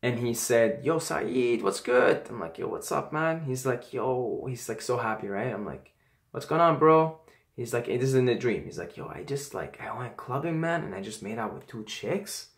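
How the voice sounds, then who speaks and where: A man in the middle of his range tells personal stories to camera, animated and quick to swear. He acts out what others said as he goes. The room around him is echoey. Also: medium pitch. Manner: animated, swears often, acts out quoted speech. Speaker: vlogger telling stories. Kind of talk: casual storytelling.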